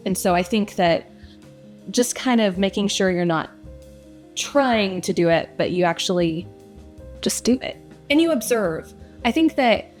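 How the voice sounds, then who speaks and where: A woman's voice: on the low side, darkish tone. A young woman who narrates audiobooks, answering interview questions in a casual, reflective way with frequent fillers.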